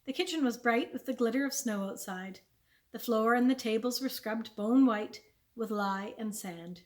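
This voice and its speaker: A woman, a children's librarian, reading a chapter book aloud with clear, expressive storytelling. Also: fairly high pitch, moderate pace.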